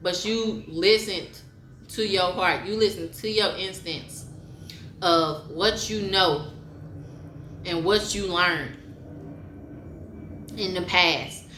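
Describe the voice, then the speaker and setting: Speaking slowly and pausing often, a woman with a lowish voice and a bright, forceful tone reads a poem, then offers a heartfelt, repetitive pep talk. She's a motivational vlogger talking frankly about personal matters. Roomy echo surrounds her voice, along with a little hiss or hum.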